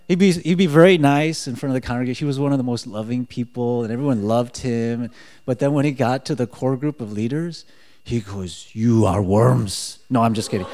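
A man giving a personal faith testimony in casual storytelling style, animated and acting out quoted dialogue. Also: mid-range voice. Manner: animated, acts out quotes, frequent "like" fillers.

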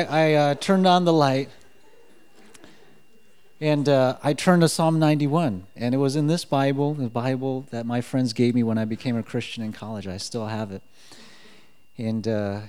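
A man giving a personal faith testimony in casual storytelling style, animated and acting out quoted dialogue. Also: medium pitch, normal speed, long pauses, clear, resonant tone. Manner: animated, acts out quotes, frequent "like" fillers.

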